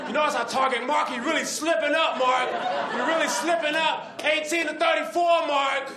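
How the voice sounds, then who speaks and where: A shrill, furious boss figure, as a man puts him on, shouting orders high above his normal register. He is boastful and indignant. Behind him is an echoey comedy club and a loud, laughing crowd. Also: fairly even intonation, moderate pace. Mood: yelling boss. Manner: yelling, bossy, indignant. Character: personified male disease, bossy boastful executive.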